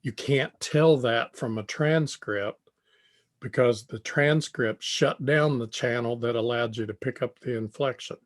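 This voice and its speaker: An older man giving a tutorial lecture on communication, speaking deliberately and repeating phrases as he thinks. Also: mid-range voice. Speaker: tutorial presenter.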